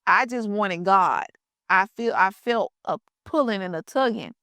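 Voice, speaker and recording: A woman's voice: mid-range voice, a little slow, sharp tone, no echo. A woman host telling a personal faith story in a casual, conversational way. She speaks colloquially and talks straight to her listeners. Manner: conversational, addresses listeners as y'all, colloquial grammar. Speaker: podcast host sharing her testimony.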